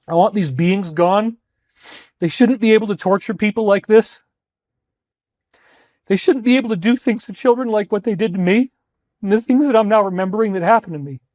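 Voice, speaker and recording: High-voiced man lecturing intensely. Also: brisk, long pauses, a little mellow, no room sound, studio quality. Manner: intense, rambling, pleading. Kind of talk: emotional lecture to an audience.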